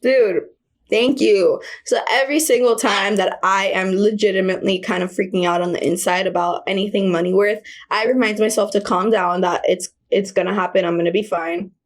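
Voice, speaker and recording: A woman talks straight to her audience in a loose, rambling vlog, full of slang and filler words. Her pitch sits in an ordinary middle range, and she comes across as candid and unpolished. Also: fairly even intonation, fairly quick, few pauses. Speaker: self-help vlogger. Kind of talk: casual personal storytelling.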